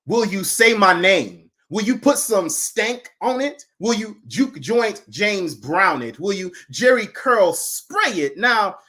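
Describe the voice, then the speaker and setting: Man, spoken word poet, slightly high voice, hushed to chanting. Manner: building from low and hushed to loud, chanting intensity. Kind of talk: spoken word poetry performance.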